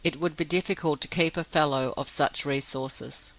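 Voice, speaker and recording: A man narrating an audiobook in a steady, measured reading. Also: a little high, dry recording, poor audio. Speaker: audiobook reader.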